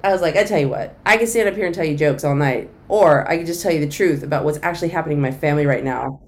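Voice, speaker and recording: This middle-aged comedian speaks low and rapid-fire, spinning a lengthy tale during a conversational interview. She's animated, acting out the voices of everyone she quotes.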